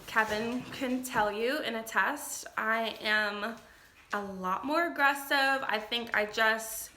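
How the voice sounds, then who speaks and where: A young woman talks slowly and openly about how she has been, tired and close to tears at times, pausing often to gather her thoughts. Her voice is bright and a little high. The room around her sounds echoey. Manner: candid, rambling, many ums and restarts. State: tired, getting emotional. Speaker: vlogger. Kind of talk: casual personal update.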